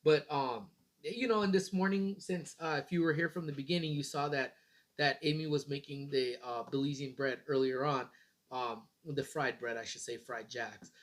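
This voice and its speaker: A man's voice: medium pitch, steady tone, normal speed, a bit bright. A man in his thirties hosting a casual morning livestream, rambling in a laid-back way and swearing casually. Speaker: livestream host.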